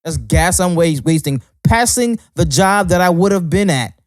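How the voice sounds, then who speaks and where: Man, podcast co-host, lively swooping pitch, dry close sound, profane rants. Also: moderate pace, no echo. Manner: animated, profane ranting storyteller. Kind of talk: casual chat.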